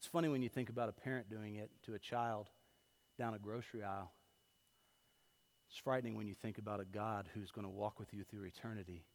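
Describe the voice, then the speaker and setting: A man preaching a sermon as pastor, telling everyday stories in a lively way that swings from loud to hushed. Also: lowish voice, brisk, creaky. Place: church sanctuary. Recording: long hall reverb.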